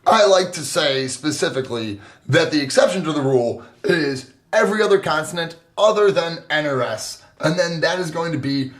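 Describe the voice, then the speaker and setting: A man's voice: on the high side, animated, normal speed, few pauses, a bit bright. Upbeat man co-hosting a language podcast. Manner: enthusiastic, with lots of fillers and self-corrections. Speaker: podcast co-host. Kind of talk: casual explanatory chat.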